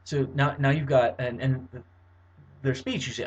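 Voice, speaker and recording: A man's voice: medium pitch, fairly even intonation, unhurried, a little mellow, dull audio, a little hiss or hum. Rambling young man explaining at home. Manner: rambling, verbose, many fillers and restarts. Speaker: vlogger. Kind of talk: casual explanatory monologue to camera. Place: bedroom at home.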